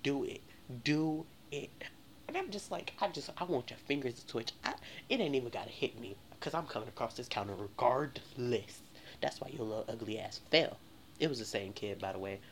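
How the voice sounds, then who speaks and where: Deep-voiced woman ranting profanely. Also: brisk, a little hiss or hum. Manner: profane, animated, exaggerated storytelling. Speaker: vlogger. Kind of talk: casual storytime rant.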